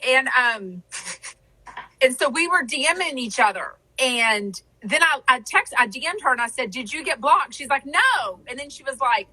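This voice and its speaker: A woman's voice: high-pitched, expressive, moderate pace, bright, forceful tone, slightly rough, rough recording. A woman hosting a podcast, chatting casually in a rambling way with lots of fillers. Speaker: podcast host. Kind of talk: casual chat.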